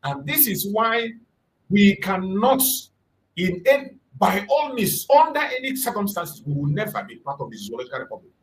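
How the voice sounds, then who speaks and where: A man's voice: high voice, very animated, normal speed, rough recording. A man from southeastern Nigeria, hosting an impassioned political commentary and hammering his points home with repetition. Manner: fervent, repetitive, emphatic. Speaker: channel host.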